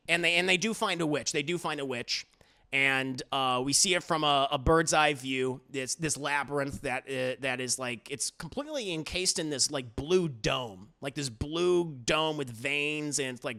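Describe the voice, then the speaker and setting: A man reviewing an anime episode in casual recap style, animated and profane, with lots of fillers. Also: a little high, gravelly.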